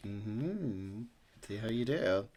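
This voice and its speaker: A man's voice: fairly low pitch, animated, very slow, darkish tone. A man narrating as game master who rambles with many fillers.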